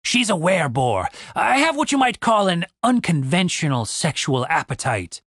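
A man's voice: on the high side, big pitch swings, normal speed, a bit bright, husky, dry recording, clean studio sound, full character voice. Man voicing a cocky half-elf fighter. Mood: sly. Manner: curt, commanding, sly.

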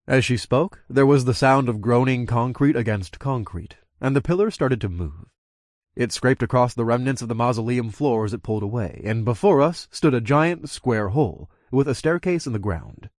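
Male narrator, casual and wry, mid-pitched, dry close-mic audiobook read. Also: lively intonation, normal speed, darkish tone, no room sound. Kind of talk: first-person audiobook narration.

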